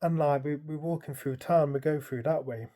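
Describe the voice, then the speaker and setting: A dream vlogger with a mellow, slightly high voice tells a casual, rambling story about a dream at a normal speed. He narrates in the present tense, animated and colloquial, scattering "like" and "um" throughout.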